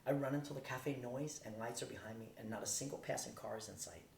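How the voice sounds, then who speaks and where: Guy reading a novel out loud, steady, kinda far from the mic, faint rumble. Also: quick pace, gravelly. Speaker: audiobook reader. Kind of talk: reading a first-person novel aloud. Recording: roomy distant recording, faint rumble.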